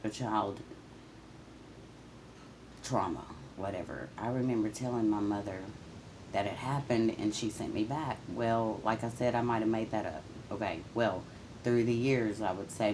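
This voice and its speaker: A woman's voice: very deep voice, unhurried, a little mellow, a little hiss or hum, rough recording. A woman speaking in a raw, emotional confessional monologue, swearing and venting, often talking straight to people who are not there. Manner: addresses absent people directly.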